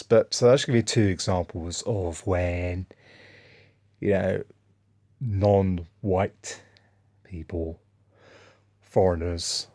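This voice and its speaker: Un hombre con acento inglés que cuenta historias en un vlog, de forma dispersa y con tono de agravio. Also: male voice, low-pitched, darkish tone. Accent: English. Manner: rambling, aggrieved, restarts often. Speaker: vlogger. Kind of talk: casual spoken monologue, storytelling.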